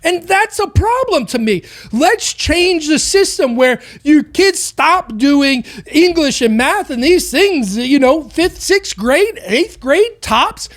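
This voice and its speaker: A woman with a notably high voice hosts a podcast, ranting through an opinionated monologue. She talks with heat and keeps firing rhetorical questions. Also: big pitch swings, slow pace, hardly any pauses. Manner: impassioned, full of rhetorical questions. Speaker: podcast host.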